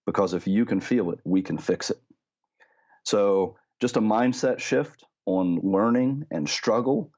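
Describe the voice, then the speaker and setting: A man presenting a podcast segment on practice and movement, explaining in a measured way with frequent fillers. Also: fairly low pitch, a little mellow, muffled recording. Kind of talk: instructional talk.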